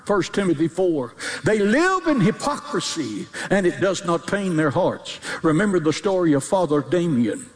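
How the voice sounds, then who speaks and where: A man preaching a sermon as a pastor, emphatic, with repeated phrases and sudden high cries. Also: normal speed, few pauses, a little mellow. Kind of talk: fiery sermon. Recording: long hall reverb.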